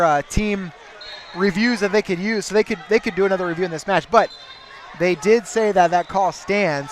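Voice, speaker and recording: Guy doing live wrestling play-by-play, kinda high voice, gets shouty on big moves, light crowd noise behind. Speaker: play-by-play commentator. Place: tournament arena.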